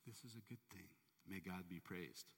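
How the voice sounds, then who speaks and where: A man voicing a humble, faithful servant in a sermon story, speaking softly, slowly and serenely. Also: mid-range voice, expressive, breathy edge, long reverb tail, full character voice. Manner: soft, slow, serene. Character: humble, faithful male servant, calm and pious.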